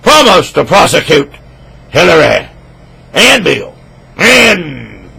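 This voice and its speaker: A man ranting crudely into a computer microphone at his home desk, rambling and swinging between loud outbursts and low mutters. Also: very animated, slow, vocal fry, breathy edge, poor audio. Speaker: vlogger. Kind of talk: rambling profane rant to camera.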